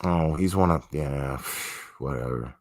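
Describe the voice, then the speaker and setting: A man's voice: a bass voice, slow pace, no room sound, clean studio sound. A man hosting a livestream, chatting casually with viewers in a profane, slangy, laid-back way. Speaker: livestream host.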